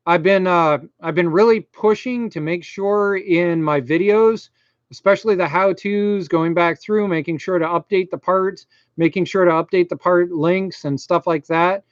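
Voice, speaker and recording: A middle-aged man with a Maine accent and a slight lisp rambles through a casual live-stream chat, poking fun at himself. His voice sits high for a man and sounds smooth and clean. The sound is close and dry, with a dull, lo-fi edge. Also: no room sound. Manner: rambling, self-deprecating, chatty. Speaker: YouTube host.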